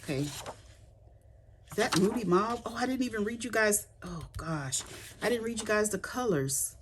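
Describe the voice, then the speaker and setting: A woman's voice: medium pitch, moderate pace, a little hiss or hum. A woman demonstrating craft supplies in a casual unboxing chat, chatty and gushing with delight. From United States.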